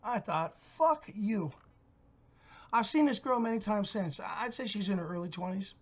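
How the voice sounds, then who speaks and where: Husky middle-aged dude, gruff and foul-mouthed, rambling rant monologue on his channel. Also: high voice, fairly quick, dull audio. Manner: blunt, gruff, cursing storyteller. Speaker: channel host.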